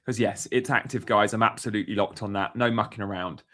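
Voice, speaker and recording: A man's voice: lowish voice, fairly even intonation, fast talker, pushed and bright. Chatty man live-streaming. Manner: chatty, upbeat, reads out chat messages. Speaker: fantasy football streamer. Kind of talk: casual live-stream chat.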